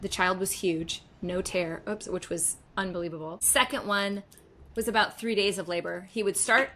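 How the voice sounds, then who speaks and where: A middle-aged woman speaks in an emphatic, conversational way and hammers home points by repeating phrases. Her voice sits at a middle pitch. She talks like a guest in a relaxed interview. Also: normal speed, a little hiss or hum. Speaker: podcast guest.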